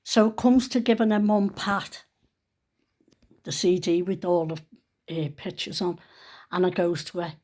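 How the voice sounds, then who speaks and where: A woman's voice: on the low side, fairly even intonation, a little slow, long pauses, mellow. A woman in her sixties telling a personal story at home in a chatty, earnest, folksy way. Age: 60s. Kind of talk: casual storytelling vlog. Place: at home, sitting on a sofa.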